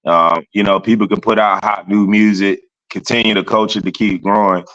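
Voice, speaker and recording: Laid-back guest, low voice, heard over muffled lo-fi audio. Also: male voice, fairly even intonation, normal speed, a bit bright. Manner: laid-back, full of "you know" fillers. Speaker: country rap artist, podcast guest. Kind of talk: casual podcast chat.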